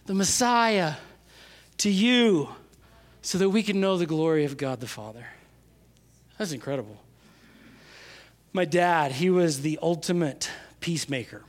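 A man preaching a sermon, stressing key phrases with slow, drawn-out words and swinging from loud to hushed. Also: fairly high pitch. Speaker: pastor.

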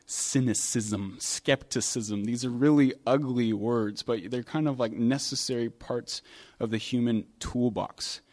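A man preaching a sermon, from New York, telling stories in a relaxed, conversational way with pauses and restarts. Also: medium pitch. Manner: conversational storytelling with hesitations. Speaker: pastor.

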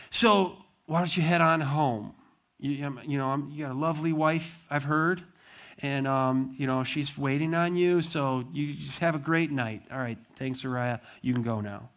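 Male pastor, sermon, lively storyteller who acts out dialogue, voice sits a little high. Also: moderate pace. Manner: animated storytelling with acted-out dialogue.

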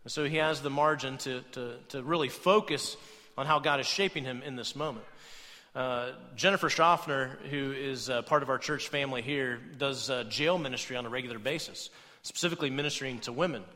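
A man's voice: medium pitch, brisk, in a large hall. A young adult man preaching a conversational sermon, often checking in with "right?". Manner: conversational, animated, tags points with "right?". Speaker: pastor.

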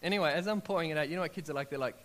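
A man, preaching a sermon in an animated, storytelling way, acting out his own prayers as he goes. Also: fairly high pitch, racing, a little hiss or hum.

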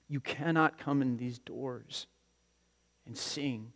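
Male pastor, mid-pitched voice, casual repetitive sermon delivery, long church reverb. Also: slow, long pauses, fairly bright tone. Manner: conversational, repeats phrases, often starts with "listen". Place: church sanctuary.

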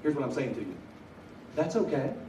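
Energetic preacher man, echoey room. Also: medium pitch, fairly quick, background noise. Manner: energetic storytelling, bursts of excitement. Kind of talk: sermon. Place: large room at a college gathering. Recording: echoey room from a distance, faint ambience.

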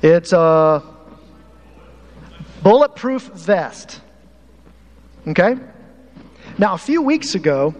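A man preaching a lively sermon to his congregation as pastor, animated and talking straight to the people in the pews. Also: high voice. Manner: animated, uses props, talks to the congregation. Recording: hall reverb, faint room noise.

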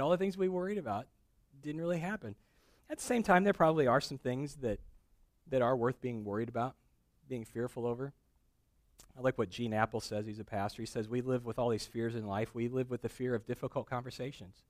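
A man's voice: mid-range voice, no room sound, studio quality. A middle-aged man preaching a conversational sermon and acting out the voices of people in the story. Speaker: pastor.

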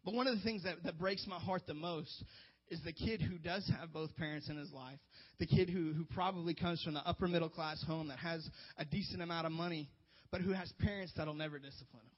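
A man's voice: fairly high pitch, fairly quick. A man preaching as a youth pastor, earnest and emphatic, with joking asides. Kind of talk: sermon. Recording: dull lo-fi sound.

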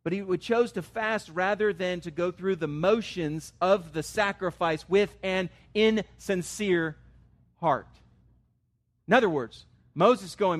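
Unhurried and high-voiced, this man preaches as a pastor, sounding earnest and conversational. Fillers pepper his asides, and he leans hard on key words for emphasis.

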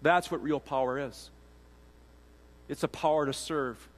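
A man's voice: a little high, unhurried. A man giving a sermon as a pastor, earnest and conversational, often restarting phrases. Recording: long hall reverb.

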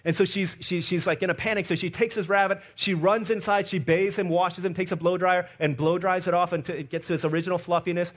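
A man preaching an Easter sermon as pastor, telling stories and acting out the people in them, swinging between loud excited asides and quiet, low passages. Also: fast, hardly any pauses. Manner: acts out the people in his stories with lively quoted voices.

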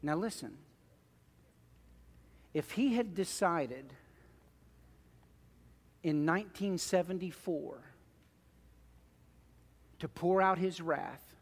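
A middle-aged man preaching a sermon, moving between loud pleading and quiet, hushed asides. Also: fairly high pitch, takes it slowly, pauses often, in a large hall. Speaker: pastor.

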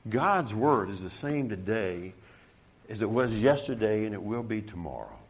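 A middle-aged man preaching a sermon to his congregation. He stumbles and restarts often, jokes at his own expense, and grows loud and emphatic when he reads from scripture. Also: fairly low pitch, sing-song. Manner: halting, stumbling restarts, self-deprecating humor. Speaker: pastor.

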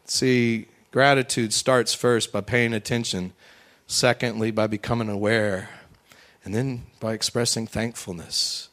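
Animated male preacher with dramatic swings. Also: a little slow. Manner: animated, swings between loud high bursts and quiet low asides; acts out quoted voices in a raised pitch. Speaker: pastor. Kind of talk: sermon.

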